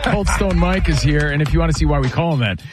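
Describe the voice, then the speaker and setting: A man's voice: a little high, expressive, quick pace, over music. A man hosting a sports talk radio show, joking and teasing his co-hosts. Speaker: radio host. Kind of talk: casual sports radio banter. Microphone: studio mic.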